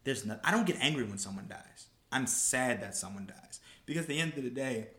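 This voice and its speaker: Guy hosting a chatty podcast, bright lively voice, kinda echoey room. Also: mid-range voice, brisk. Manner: animated, emphatic, talks with "like" a lot. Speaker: podcast host. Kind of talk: casual podcast chat.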